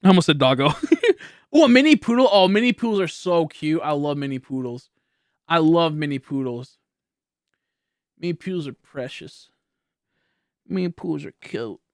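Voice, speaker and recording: Young male streamer in his late twenties, slightly raised pitch, laid-back and rambling, a little high, home studio mic with no room echo. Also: animated. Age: late 20s. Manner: rambling, laughing, loose and slowed. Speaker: livestreamer. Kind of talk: casual livestream chat reading donations. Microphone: high-end studio microphone.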